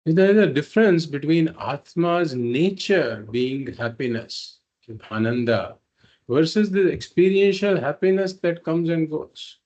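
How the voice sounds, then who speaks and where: A man's voice: a little high, unhurried, a little mellow, highs cut off. A man teaching a spiritual philosophy class, explaining patiently and repeating points through simple examples. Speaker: Vedanta teacher.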